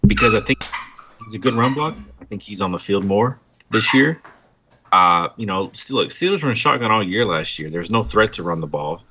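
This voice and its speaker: A man's voice: fairly low pitch, lively intonation, moderate pace, pushed and bright, highs cut off, slight background noise. A man co-hosting a casual podcast, earnestly defending his picks with hesitant starts. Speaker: podcast co-host. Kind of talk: casual banter about fantasy football.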